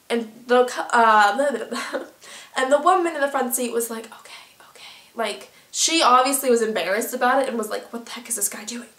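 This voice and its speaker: A teenage girl vlogger telling a story in a chatty, filler-heavy, animated way. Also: fairly high pitch, roomy sound. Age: teens. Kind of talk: casual storytelling.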